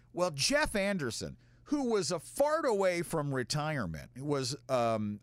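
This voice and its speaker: A radio host telling a profane, self-mocking comic story in a casual way. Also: male voice, on the high side, a bit bright, dry recording.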